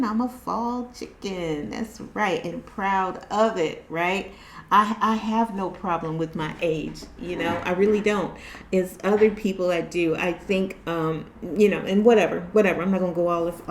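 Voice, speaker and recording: A middle-aged woman hosting her own channel as a tarot reader, talking casually and candidly to her viewers, with lots of swearing, laughter and lively storytelling. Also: on the low side, moderate pace, slight background noise. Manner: candid and profane, with animated storytelling and frequent laughs. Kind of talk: casual talk to camera.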